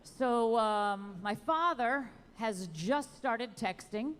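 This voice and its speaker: A woman performing a wry, animated stand-up comedy set at an outdoor show. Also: fairly high pitch, drawn-out words, clean tone, in a large hall. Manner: wry, animated delivery with sung bits.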